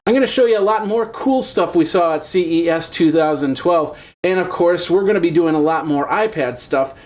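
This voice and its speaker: A man's voice: on the high side, normal speed, darkish tone. A man hosting a tech show, giving a chatty, upbeat gadget demo with lots of fillers and restarts.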